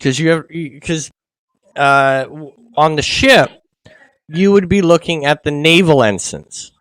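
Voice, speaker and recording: A man with a Canadian accent hosting a casual history chat, explaining details in a relaxed way. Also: a little high, unhurried, no echo. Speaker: show host.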